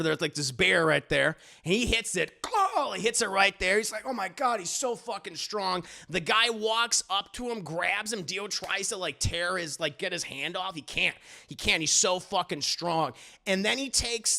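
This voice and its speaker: A man tells his live chat about an episode scene by scene, cursing and laughing as he goes. His voice is high and bright and swings widely in pitch. A gravelly rasp runs through it. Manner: animated, profane, laughing storytelling. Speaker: TV reviewer streamer.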